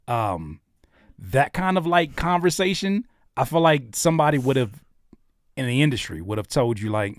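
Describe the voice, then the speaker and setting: A man's voice: mid-range voice, expressive, fairly quick, no echo, clean studio sound. A man hosting a live stream, reacting to listeners' songs in casual, thoughtful talk with many fillers and restarts.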